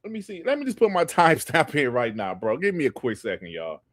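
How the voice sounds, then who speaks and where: A man hosting a gaming podcast livestream, ranting in a heated, profane and animated way. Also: mid-range voice, fairly quick, no room sound, clean studio sound. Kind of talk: livestream commentary rant.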